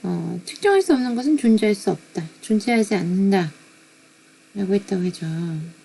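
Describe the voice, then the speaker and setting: A woman lecturer pauses a class video for brief, offhand remarks. She talks very fast in a husky voice. Her tone is dark and mellow. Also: mid-range voice, lively intonation.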